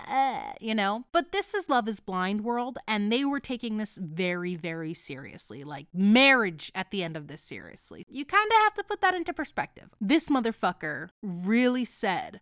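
A woman's voice: fairly high pitch, very animated, moderate pace, hardly any pauses, a bit bright, smooth, dry recording, studio quality. A woman giving a blunt, sweary and sarcastic casual rant about a reality show.

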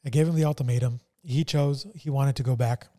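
A man co-hosting a podcast, telling a painful family story in a somber, halting way with many fillers. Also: medium pitch, steady tone, warm tone. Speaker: podcast co-host. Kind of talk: casual personal testimony.

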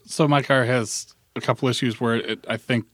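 A man's voice: medium pitch, fairly even intonation, moderate pace, fairly bright tone, no echo, studio quality. Man ranting with a laugh. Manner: ranting, self-mocking, laughing. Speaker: podcast co-host. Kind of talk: casual chat.

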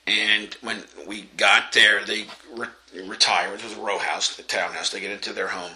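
An older man from Long Island spins an anecdote with a bright, ringing voice pitched a little low. He acts out the people he quotes and laughs along the way. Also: little pitch movement, moderate pace, poor audio. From Long Island, New York. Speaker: interviewee. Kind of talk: telling an anecdote.

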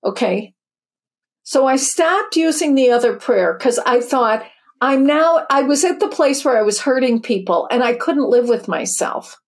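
A woman's voice: high voice, animated, unhurried. A woman in her fifties or older, a spiritual teacher and author, telling her story in an interview in an earnest, chatty way with many restarts.

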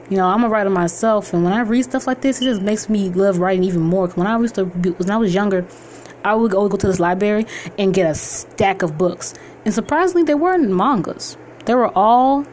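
A young woman hosting her own podcast, talking excitedly and rambling with lots of fillers and restarts. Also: mid-range voice, a little hiss or hum. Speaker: podcast host. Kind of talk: casual solo podcast intro.

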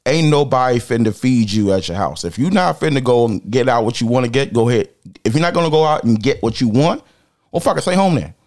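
A man co-hosting a podcast, blunt and animated, swearing freely as he talks. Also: mid-range voice, quick pace. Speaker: podcast co-host. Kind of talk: casual podcast chat.

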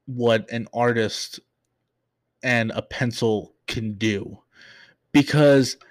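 A man's voice: mid-range voice, no echo. A young man hosting a podcast, chatting through an episode recap with many fillers and restarts, openly emotional. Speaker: podcast host.

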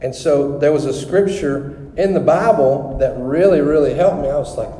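A middle-aged man gives a testimony from the pulpit, his voice a little high but mellow and dark. He tells his story in a rambling, animated way, restarting his sentences often. The sound is roomy, with a long hall reverb and a faint hiss behind him. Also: moderate pace. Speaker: speaker giving testimony. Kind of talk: sermon testimony.

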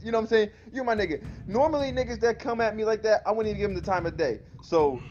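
A man's voice: high-pitched, fast, a little mellow, slight background noise. A young man, brash and teasing, trading casual trash talk on a podcast. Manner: brash, teasing, talks over others. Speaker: podcast co-host. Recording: dull lo-fi sound with faint music.

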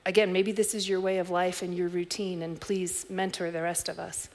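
A woman's voice: lowish voice, little pitch movement, normal speed. Reflective woman preaching a sermon. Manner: reflective, storytelling, many soft restarts. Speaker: pastor.

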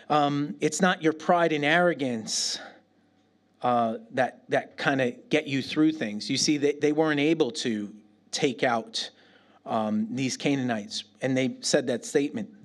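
A middle-aged pastor preaching a sermon, telling stories with animated bursts and falling to a near whisper when he prays. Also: mid-range voice, unhurried. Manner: animated storytelling, dropping to a near whisper in prayer.

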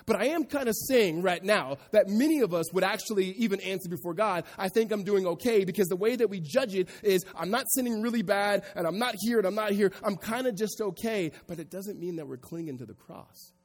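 A man's voice: high-pitched, lively intonation, a little fast, hardly any pauses. Man preaching in an echoing hall. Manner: builds from quiet reflection to raised, emphatic preaching. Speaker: pastor. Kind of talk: sermon. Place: church sanctuary before a congregation.

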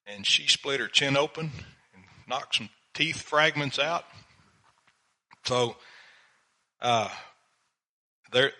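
Slow, bright-voiced older man preaching. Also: mid-range voice, poor audio. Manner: slow, measured Bible reading and teaching. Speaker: pastor. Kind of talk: sermon.

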